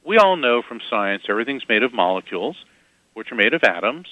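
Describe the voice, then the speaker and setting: A man guesting on an interview, telling his stories in a chatty, animated way with quick asides and chuckles. His voice sits at an ordinary pitch. The audio is dry and somewhat dull and lo-fi. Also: no room sound. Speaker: guest psychic medium. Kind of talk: casual interview storytelling.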